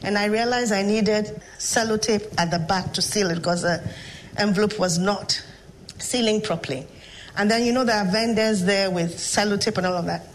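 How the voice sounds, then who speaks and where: A woman's voice: mid-range voice, a little hiss or hum, rough recording. A Ghanaian woman, a professor, telling stories and reflecting in an interview. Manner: storytelling, measured and reflective. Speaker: professor and guest. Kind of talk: interview conversation.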